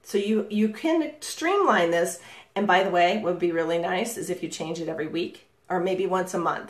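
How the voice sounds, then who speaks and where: A middle-aged woman coaching real estate agents in a live session over a video call, talking with lively inflection and energy and laughing often. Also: fairly low pitch. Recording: roomy echo.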